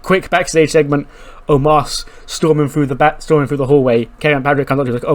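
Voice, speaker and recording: A man giving casual, animated commentary on a wrestling sim game, swearing now and then. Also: a little high, fast, few pauses. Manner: animated, profane. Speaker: gaming commentator. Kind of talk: casual let's-play commentary.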